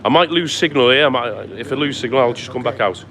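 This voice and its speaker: A man's voice: medium pitch, fast, a bit bright. A man live-streaming a walk outdoors, chatting and greeting viewers by name as he goes. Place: outdoors on town streets at sunset. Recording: faint outdoor street noise.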